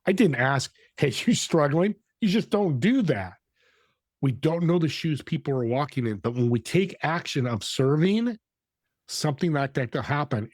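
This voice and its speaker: A man guest on a podcast, telling a story in an animated way and acting out the dialogue. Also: mid-range voice, no echo, clean studio sound. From California.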